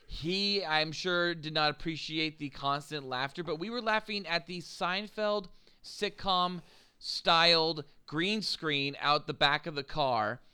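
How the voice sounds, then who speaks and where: A man's voice: fairly high pitch, slow, sharp tone, clear, resonant tone. A man co-hosting a podcast, chatting casually and jokingly about films, laughing often and swearing. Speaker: podcast co-host. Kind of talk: casual film review chat.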